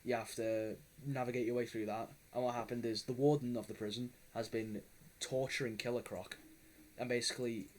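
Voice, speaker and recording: A man's voice: medium pitch, little pitch movement, brisk, poor audio. A man hosting a casual podcast chat, rambling and swearing with many restarts. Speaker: podcast host.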